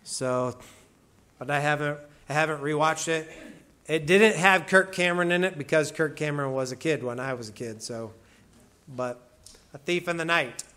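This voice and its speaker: A man's voice: fairly high pitch, sharp tone. A man preaching a sermon, explaining verses with emphasis and casual asides. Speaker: pastor.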